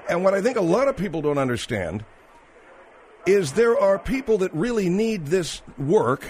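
A male talk radio host with a high, lively voice, needling his guest calmly and provokingly. He keeps the conversation moving, pressing his point with a teasing edge. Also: moderate pace. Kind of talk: comedic radio talk show.

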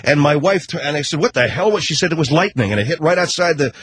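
A middle-aged talk show host launches into a rambling, sarcastic comic rant full of casual swearing and constant self-corrections. His voice is fairly high and a bit bright, and he talks fast.

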